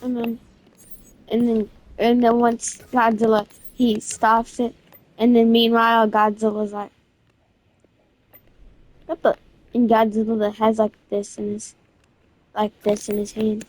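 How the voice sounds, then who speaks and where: A woman narrating a game event in a casual, excited, slangy way, restarting her sentences again and again. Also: a little high, measured pace. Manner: rambling storytelling with constant restarts. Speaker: gaming video creator.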